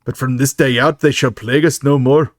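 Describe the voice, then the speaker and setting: A man's voice: medium pitch, fairly even intonation, fairly quick, dry recording, clean studio sound, natural voice. A man doing an Irish accent as a stern gang leader, declaiming a famous speech with mock gravity. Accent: Irish, put on.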